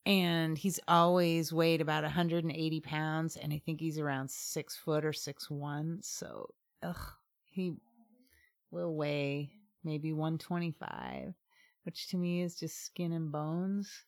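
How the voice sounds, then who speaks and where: A woman's voice: low voice, expressive, slow. A woman from Southeast Alaska, co-hosting a casual chat podcast, talking chattily and laughing often. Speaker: podcast co-host.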